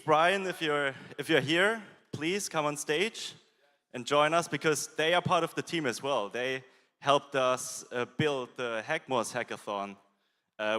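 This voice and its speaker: A man's voice: medium pitch, bright, forceful tone. A man on stage calling a team up and promoting a hackathon. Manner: direct, inviting, with filler uhs. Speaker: conference organizer. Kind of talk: stage announcement. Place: large conference hall. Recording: reverberant hall sound.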